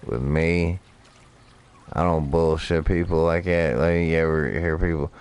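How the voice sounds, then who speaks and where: A man's voice: a bass voice, fairly even intonation, measured pace, a little mellow, clear, resonant tone. A man streaming a fishing game, telling rambling, profane stories while he plays. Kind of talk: casual gameplay commentary.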